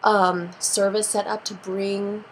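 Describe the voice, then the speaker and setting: A woman's voice: medium pitch, flat delivery, slow, a little hiss or hum, low-quality recording. A woman vlogger in a heated rant to camera, swearing freely and acting out the people she quotes.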